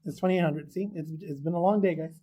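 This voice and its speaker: This classroom math lesson, recorded for video, comes from a male teacher who talks fast in a slightly high, warm voice. He's chatty with his students, posing questions and straying into side topics.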